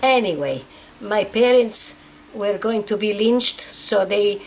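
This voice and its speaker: A woman's voice: mid-range voice, animated, slow pace, a little hiss or hum. Elderly woman from Egypt recounting her past. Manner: emotional, repetitive storytelling. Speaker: former spy telling her story. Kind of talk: personal testimony.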